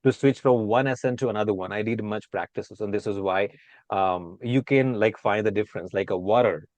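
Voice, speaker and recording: A man's voice: on the low side, a little fast, darkish tone, no room sound. A man with an Indian accent, chatting casually as a guest and explaining pronunciation by repeating example words aloud.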